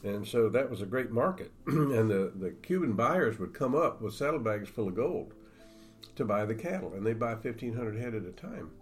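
A man, an author and guest, chatting casually and reading from his book in a folksy way, often clearing his throat. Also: medium pitch, animated, normal speed, soft background music.

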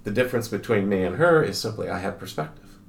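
Gravelly older man telling stories. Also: fairly low pitch, lively intonation, reverberant. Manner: halting, repeats words, acts out dialogue. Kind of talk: conversational storytelling.

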